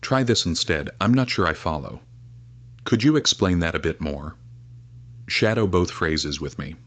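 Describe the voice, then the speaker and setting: A man teaching spoken English, leading slow, clear shadowing drills with many repetitions. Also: sits low, animated, a bit bright. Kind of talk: scripted lesson narration.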